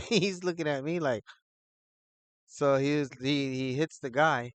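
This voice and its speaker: A man telling a personal story in a casual, rambling way, full of fillers, who gets animated as he retells it. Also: on the high side, slow, dry recording. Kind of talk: casual spoken anecdote.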